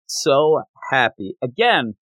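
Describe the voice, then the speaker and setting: Male podcast co-host, animated, breaks into character voices. Bright tone, dead-dry sound. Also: mid-range voice, no room sound. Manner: animated, quotes characters in quick put-on voices. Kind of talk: casual manga discussion.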